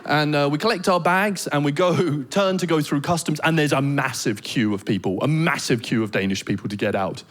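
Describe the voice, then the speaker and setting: A stand-up comedian from Britain with a British accent, telling animated stories and laughing along. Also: male voice, a little high, fairly quick, hardly any pauses.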